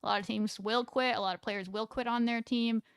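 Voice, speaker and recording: A woman's voice: a little high, fairly even intonation, brisk, clear, resonant tone, dry recording, studio quality. A young woman co-hosting a casual sports recap show. She talks in a chatty way, laughs often and reads viewer comments aloud. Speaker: sports podcast co-host.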